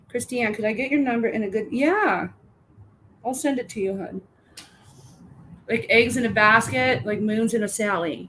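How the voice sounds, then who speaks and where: A woman co-hosting a casual live-stream chat, animated and teasing, laughing often. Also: a little high, moderate pace, long pauses, a little hiss or hum, low-quality recording.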